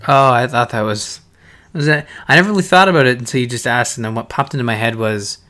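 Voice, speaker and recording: A podcast co-host chats casually about a TV show, thinking out loud with lots of "you know" and restarts. He talks fast in a sharp, mid-range voice.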